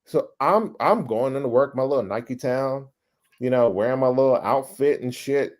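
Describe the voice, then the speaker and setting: A middle-aged man, a podcast guest, telling his career story in a casual, animated way, swearing and acting out past scenes. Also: mid-range voice, normal speed. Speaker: podcast guest, ad creative director.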